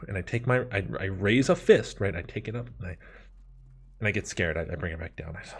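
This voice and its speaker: A man telling a comedic personal story, animated and self-mocking, with dramatic asides. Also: lowish voice, fast, breathy edge.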